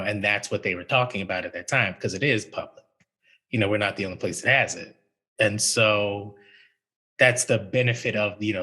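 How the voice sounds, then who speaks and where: A man's voice: fairly low pitch, bright, forceful tone, breathy edge, rough recording. A man speaking as a university archivist on a panel, thoughtful and conversational, with frequent fillers. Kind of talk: panel discussion.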